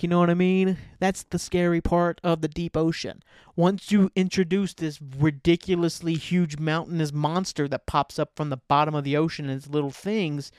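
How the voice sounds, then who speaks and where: A man's voice: on the high side, a little mellow, clear, resonant tone, no echo, clean studio sound. A man hosting a solo podcast, ranting about bad movies in a profane, sarcastic, rambling way. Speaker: podcast host. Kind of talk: casual solo movie rant.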